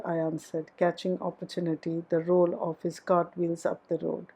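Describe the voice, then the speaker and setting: A woman narrating a classic novel as an audiobook, in a calm, measured way. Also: on the low side, creaky, slightly rough, poor audio.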